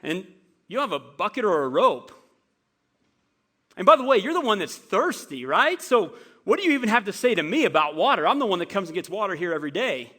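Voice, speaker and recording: A man's voice: high voice, sing-song, a little fast, pushed and bright, heavily acted. A man voicing a skeptical woman at a well, answering with mocking, exaggerated sarcasm. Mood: sarcastic.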